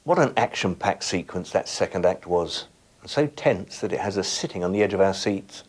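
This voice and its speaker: Husky-voiced man teaching with lively pitch. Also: normal speed. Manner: instructive, addresses viewers directly with tasks. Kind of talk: scripted educational presentation.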